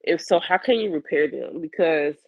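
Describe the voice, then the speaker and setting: A hoarse woman in her forties with a fading voice and a cough, talking candidly and reflectively in her personal video journal. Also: low voice, animated, moderate pace, dry recording, phone-quality sound. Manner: candid, rambling, colloquial, reflective. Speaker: psychic medium keeping a video journal.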